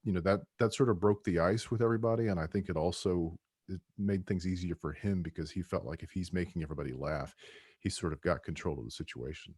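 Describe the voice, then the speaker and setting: A man's voice: deep voice, quick pace, darkish tone, breathy edge, no room sound, studio quality. A man who co-wrote a book, talking about it casually on a podcast with many restarts. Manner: rambling, with many restarts and "you know". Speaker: book co-author and guest.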